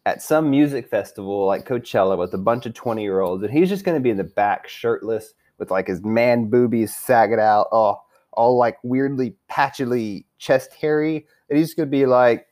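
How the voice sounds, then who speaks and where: A man's voice: mid-range voice, moderate pace, a little mellow. A young man rambling through a crude, profane fantasy football season recap, trash-talking his friends while drinking. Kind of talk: profane casual rant.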